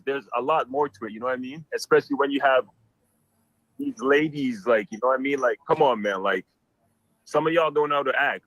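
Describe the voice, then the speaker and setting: A man calling in, telling a story in an animated, exclamatory, slangy way. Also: mid-range voice, no echo, poor audio. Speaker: caller.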